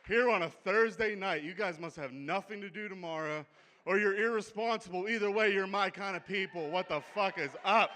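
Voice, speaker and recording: A brash, foul-mouthed stand-up comedian with a thick Pittsburgh accent, working a comedy club crowd. His voice sits high and bright. He talks to the audience like he is chatting with friends. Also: moderate pace. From Pittsburgh, USA. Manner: brash, profane, conversational. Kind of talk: stand-up set.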